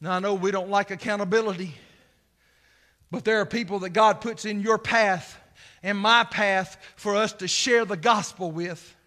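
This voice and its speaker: Male pastor, very high bright voice, sermon, shouts then drops to near-whispers. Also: fairly even intonation, moderate pace. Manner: swings from shouting to hushed asides.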